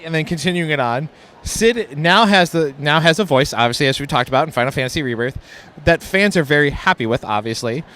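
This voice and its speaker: Male interviewer, slightly higher pitch, eager fan energy, convention setting. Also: animated, fairly quick, bright, forceful tone.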